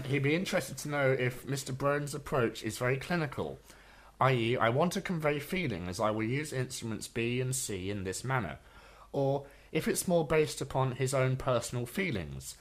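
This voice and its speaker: A man's voice: medium pitch, expressive, normal speed. A man co-hosting an interview, practical in tone, steering the talk and reading out listener questions. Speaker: podcast co-host.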